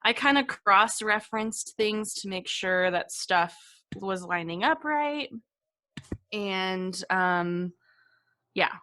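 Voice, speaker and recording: Woman, podcast co-host, casual chat, slow deliberate pace, giggly. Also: mid-range voice, bright, forceful tone. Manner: laughs often, chatty storyteller.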